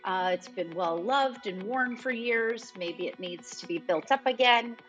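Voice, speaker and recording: Bright-voiced woman guest explaining her work. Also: medium pitch, measured pace, dull audio, soft background music. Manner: friendly and explanatory. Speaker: guest jeweler. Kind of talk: casual interview.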